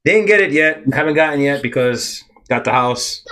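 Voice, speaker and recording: A man's voice: a little high, lively intonation, normal speed, bright, forceful tone, a little hiss or hum. A man hosting a casual podcast chat who rambles and repeats words as he searches for them.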